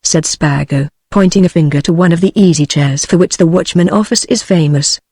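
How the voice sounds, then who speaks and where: A text-to-speech woman's voice with a British English accent narrating an audiobook in an even, steady way. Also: on the low side, a little fast, dry recording.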